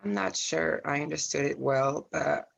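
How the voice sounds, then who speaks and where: A dismissive, snobbish copy-shop clerk, as a woman acts her out in a video-call improv. Her voice is low and gravelly, and her replies are curt and condescending. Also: moderate pace, exaggerated voice.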